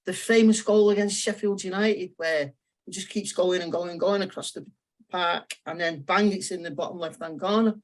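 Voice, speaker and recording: A man's voice: sits high, steady tone, normal speed. Guy guesting on a footy podcast, gets really into describing old goals. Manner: enthusiastic storyteller, paints match moments. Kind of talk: casual football chat.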